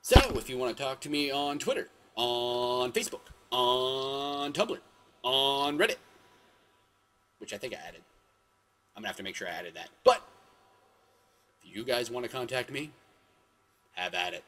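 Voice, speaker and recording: A man's voice: mid-range voice, normal speed, pauses often, a bit bright. A man hosting his own video show, telling stories in a rambling, self-correcting way with sudden exclamations. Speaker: vlog host. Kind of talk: casual storytelling monologue.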